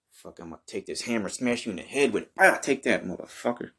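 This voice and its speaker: A man with a deep, low voice narrates his own comic misadventure in a brash, swaggering way. He swears constantly and flares up in shouting outrage. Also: lively intonation, fast talker, breathy edge. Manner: crude, profane, brash and swaggering. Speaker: comedy podcast host. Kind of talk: improvised first-person comic narration.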